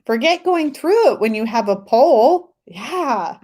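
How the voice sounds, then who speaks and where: A woman's voice: on the high side, lively intonation, a little slow, a little mellow. A woman hosting a tarot live stream, chatting casually, reading viewer comments aloud and laughing often.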